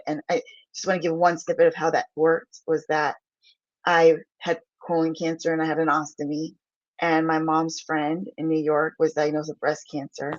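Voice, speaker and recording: A middle-aged woman co-host speaks earnestly in a lowish voice, sharing a hard personal story to encourage listeners. The audio sounds dry and slightly dull, like a remote call feed. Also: a little mellow, no echo. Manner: earnest, laughing through tears as she tells her story. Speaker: podcast co-host. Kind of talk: heartfelt personal closing remarks.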